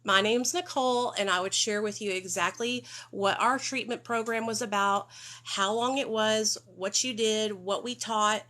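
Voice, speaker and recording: A woman's voice: medium pitch, steady tone, measured pace, pushed and bright. A woman from Arkansas, hosting a casual livestream about addiction recovery and talking straight to her viewers. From Arkansas, USA. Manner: chatty, talks straight to viewers with frequent "okay?". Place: home room with children nearby.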